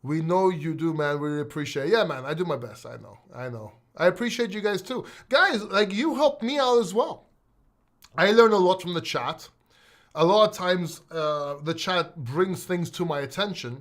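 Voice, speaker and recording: Man, crypto live stream host, fairly high voice, excitable, emotional, swears freely, casual chat with viewers. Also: moderate pace. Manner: talks straight to his chat viewers.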